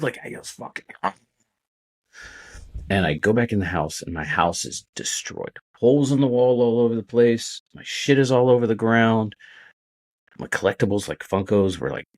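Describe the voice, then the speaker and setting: A man's voice: on the low side, a little mellow, breathy edge. A man, a podcast guest, telling his own story in a candid, casual way, swearing often and using many fillers.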